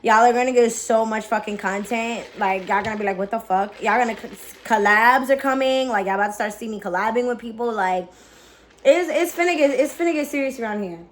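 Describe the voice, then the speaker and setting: Young woman vlogger, raised voice, loose and profane, steady faint hiss behind her. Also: a little high, brisk. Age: young adult. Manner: candid, profane, lots of "like" fillers; excited, chatty. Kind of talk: casual vlog chat.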